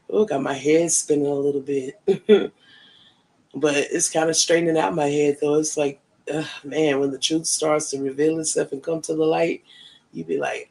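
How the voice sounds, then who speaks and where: A man runs a casual live stream and greets his viewers one by one. His voice sits high for a man and has a gravelly, fry-edged texture. He talks in a loose, profane way and laughs often. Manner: chatty, profane, frequent laughs. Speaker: live-stream host reading chat.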